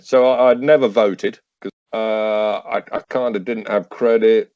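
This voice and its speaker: A man's voice: fairly low pitch, fairly even intonation, unhurried, darkish tone, no room sound, dull audio. A man in his fifties, a podcast guest and army veteran, telling anecdotes with wry, acted-out dialogue and hesitant restarts. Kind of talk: casual anecdotal storytelling.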